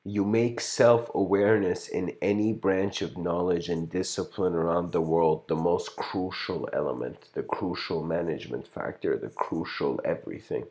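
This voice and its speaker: A man's voice: sits low, fairly even intonation, normal speed, hardly any pauses, a little mellow. A man giving a casual livestreamed lecture, rambling and reflective, full of "you know" fillers. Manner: reflective, philosophical musing.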